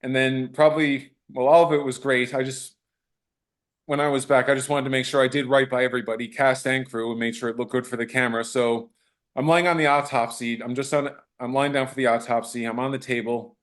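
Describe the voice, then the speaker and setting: A man, an actor being interviewed, telling fan encounters in a casual, animated way, acting out quotes and restarting sentences. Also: mid-range voice, brisk.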